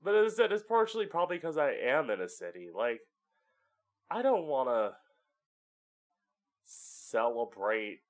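Slow-talking chatty podcast host, a man. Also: mid-range voice, big pitch swings. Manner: chatty and candid, swears often, acts out voices for effect. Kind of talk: casual solo podcast monologue. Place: home.

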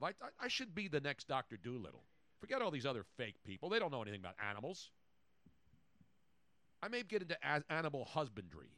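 A man's voice: mid-range voice, fairly bright tone, no room sound. A man hosting a podcast in casual banter, jokey and boastful, riffing from topic to topic. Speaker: podcast host.

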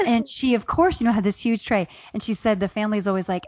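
A woman's voice: medium pitch, brisk, few pauses, dry recording. A middle-aged woman from Ohio, a guest author and comedian, telling funny anecdotes in a casual interview. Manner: animated, laughing anecdotes with acted quotes. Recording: dull, dry lo-fi sound.

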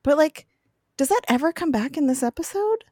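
A woman recapping a TV episode as a podcast guest, chatty and quick to laugh. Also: high-pitched, expressive, darkish tone, no echo, studio quality. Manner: giggly, chatty storytelling with frequent laughs. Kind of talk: casual chat.

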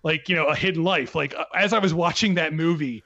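A man talking about films as a podcast guest, in an animated casual way with many restarts and fillers. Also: on the high side, fairly quick, no echo, lo-fi sound. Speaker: film critic guest.

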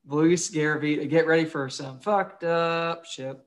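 Young dude cohosting a podcast, swears a lot, jokey, kinda higher voice. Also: male voice, steady tone, measured pace. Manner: crude, joking, swears freely. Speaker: podcast co-host. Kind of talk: casual podcast chat.

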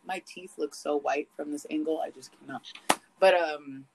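A woman co-hosting a podcast, telling stories in casual chat, swearing a lot and swinging her pitch up and down. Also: normal speed, gravelly, noisy background. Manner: profane, animated storytelling with big swings in pitch. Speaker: podcast co-host.

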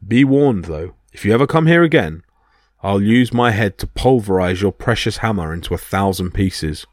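A man voicing a grim, threatening male stone giant with a deep voice. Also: lively intonation, moderate pace, no echo, studio quality, close to an everyday voice. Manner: menacing, threatening.

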